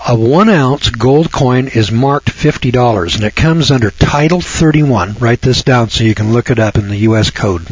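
Husky guy lecturing a class, folksy, stumbles on words then gets heated, muffled lo-fi sound. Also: on the low side. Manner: folksy, stammering at times, rising to heated emphasis. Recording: dull lo-fi recording.

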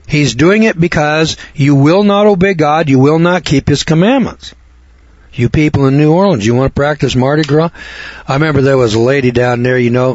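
Husky-voiced blunt American preacher. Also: male voice, medium pitch, no echo. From United States. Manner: blunt, folksy, repetitive. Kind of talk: sermon. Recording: dull lo-fi recording.

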